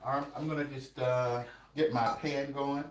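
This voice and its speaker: A man co-hosting a casual cooking vlog at home, calmly explaining each step as he cooks. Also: medium pitch, a little slow, roomy sound, far from the mic. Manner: laid-back, explains steps as he goes. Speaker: co-host cooking. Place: home kitchen.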